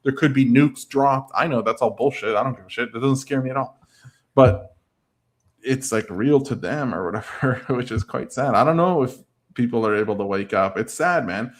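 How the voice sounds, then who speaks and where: A man's voice: medium pitch, normal speed. A man talking casually on a livestream. He rambles, filling his speech with "like" and "I don't know", and reads out and answers viewer comments.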